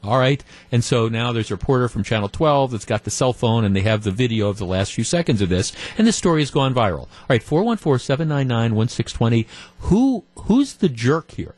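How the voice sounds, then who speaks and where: A man's voice: medium pitch, quick pace, few pauses, a little mellow, no room sound. A man hosting a call-in radio talk show, retelling a story in a conversational way. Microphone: studio microphone.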